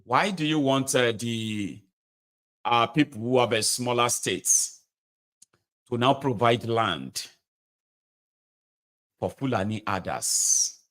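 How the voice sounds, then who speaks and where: A man's voice: mid-range voice, lively intonation, slow, long pauses, fairly bright tone. A man with a Nigerian accent giving indignant, emphatic political commentary, repeating himself for stress. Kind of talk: opinionated commentary.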